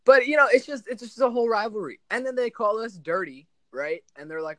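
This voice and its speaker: A young man from New Jersey chatting casually as a podcast guest, telling animated stories full of acted-out quotes. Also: extremely high pitch, fairly quick, few pauses, dry recording. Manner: animated, exaggerated storytelling with mock quotes. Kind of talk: casual chat.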